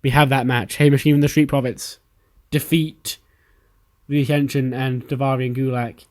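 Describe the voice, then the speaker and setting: A man's voice: mid-range voice, level tone, brisk. A man casually narrating his own playthrough of a wrestling management game. He swears freely and briefly acts out the characters' lines as he tells the story. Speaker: game let's-player narrating a wrestling sim.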